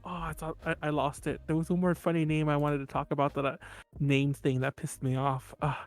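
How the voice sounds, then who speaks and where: A man's voice: a little high, level tone, brisk. Laughing, rambling man hosting a podcast. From Mexican-American. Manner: rambling, laughs often, frequent restarts. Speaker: podcast host. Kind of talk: casual chat.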